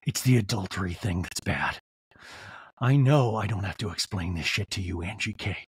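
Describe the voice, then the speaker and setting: A man voicing a weepy middle-aged husband who mumbles hushed, wounded complaints. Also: normal speed, no room sound. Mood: aggrieved. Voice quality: low, hushed and breathy.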